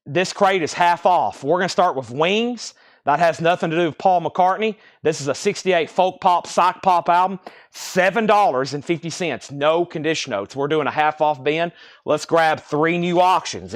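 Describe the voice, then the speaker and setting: A man hosting a live record sale stream, briskly calling out titles and prices, slightly out of breath. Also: fairly high pitch, dry recording, studio quality. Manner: brisk auctioneer-style patter, calling out prices.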